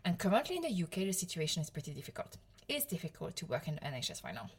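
A woman's voice: deep voice, wildly swooping pitch, rapid-fire, slightly rough. A woman in her thirties speaks with a French accent, talking straight to her listeners on her own podcast. She is chatty and self-deprecating and laughs a lot as she goes. She comes across as an easygoing coach sharing her own story. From France, Provence. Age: 30s. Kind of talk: casual solo podcast talk.

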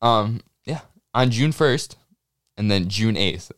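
A young man with a low voice tells a history story on a podcast, joking, swearing casually and laughing often. The sound is dry and close to the mic. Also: animated, takes it slowly, no room sound. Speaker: podcast co-host.

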